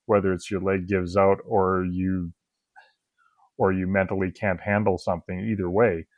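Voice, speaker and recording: A man's voice: deep voice, little pitch movement, moderate pace, dry recording, phone-quality sound. A man hosting a podcast, reflecting in a thoughtful, casual way, with some restarts. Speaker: podcast host. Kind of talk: casual interview chat.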